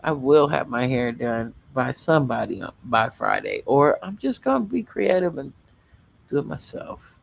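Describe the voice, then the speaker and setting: A man's voice: mid-range voice, big pitch swings, normal speed, gravelly, slight background noise. A man chatting casually as a guest on a late-night livestream, rambling through loose sign-offs and talking to his viewers. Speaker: livestream guest and show host.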